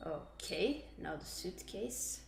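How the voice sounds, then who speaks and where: A woman's voice: fairly low pitch, expressive, slow pace, vocal fry, background noise. A woman giving casual, chatty commentary over a video game and reading its dialogue aloud, self-deprecating in manner. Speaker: gameplay commentator. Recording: echoey room with music behind.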